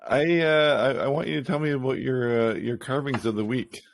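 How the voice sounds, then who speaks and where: A man's voice: mid-range voice, steady tone, brisk, slight background noise. A man co-hosting a casual podcast, easygoing and teasing, nudging his co-host to talk. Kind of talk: casual chat.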